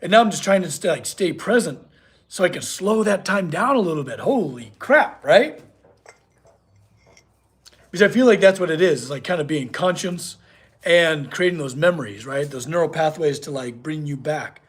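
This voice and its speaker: Young male blacksmith streamer with a husky, slightly high voice; loose, rambling chat in his workshop. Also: animated, normal speed. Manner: chatty, rambling, reads chat aloud. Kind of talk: casual live-stream chat. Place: home workshop.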